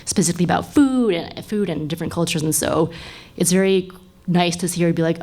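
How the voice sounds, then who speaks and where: A woman's voice: fairly low pitch, quick pace, gravelly, a little mellow. A woman in her thirties, a guest on a live podcast panel, talking casually with lots of fillers and frequent laughter.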